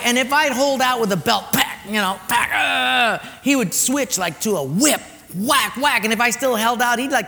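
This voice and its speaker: A man preaching a sermon, animated, swinging from loud storytelling to soft, quiet points. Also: high-pitched. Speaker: pastor. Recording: long hall reverb.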